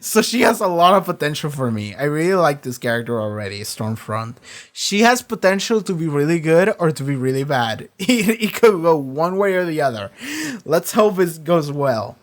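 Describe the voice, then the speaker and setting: A casual reaction host who talks in loose, looping sentences. The voice sits at a medium pitch and doubles back on its own words. Curse words come often and casually. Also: moderate pace. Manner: rambling, animated, swears freely.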